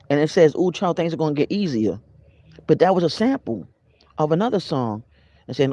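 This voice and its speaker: Speaking a little fast in a fairly high voice, a man delivers a casual, motivational spiritual talk for his viewers, calling out live viewers by name. He is animated and conversational as a spiritual vlogger, and the recording is muffled with no room sound.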